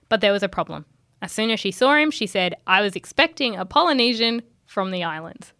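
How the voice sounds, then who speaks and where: A woman's voice: a little high, fairly bright tone, dry recording, studio quality. A woman co-hosting a podcast, reading a wry script and laughing along. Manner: wry, laughing as she reads. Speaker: podcast co-host.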